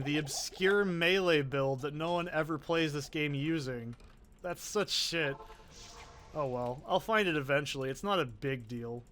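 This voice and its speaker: A man's voice: a little high, unhurried, a bit bright, a little hiss or hum. A young man giving casual, rambling gameplay commentary, offhand and full of swearing. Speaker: let's play host.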